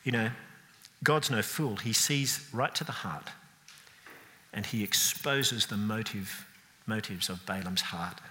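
A man preaching a sermon, telling the story with lively animation, acting out scenes and mocking the characters. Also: on the low side, slow, long pauses. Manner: animated storytelling, acting out scenes with sound effects and mock voices. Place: church. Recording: long reverb of a church hall.

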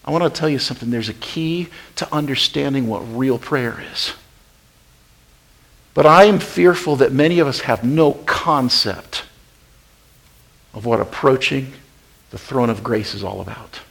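A male pastor preaching an impassioned sermon, swinging between loud outbursts and hushed, almost whispered passages. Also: medium pitch, a little slow, creaky, pauses often, rough recording.

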